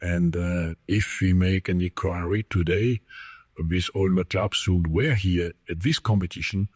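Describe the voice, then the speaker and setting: Man, very deep, husky, firm press conference answer, dry sound. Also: steady tone, a little slow, a little mellow, no echo. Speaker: football official.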